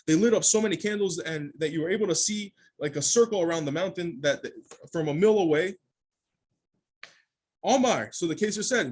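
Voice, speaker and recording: A rabbi gives his daily Talmud lesson in a fairly high voice for a man. He reads the Aramaic text line by line and then explains it in plain English. He often stops and restarts as he searches for the right wording. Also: moderate pace. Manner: explains phrase by phrase, with frequent restarts.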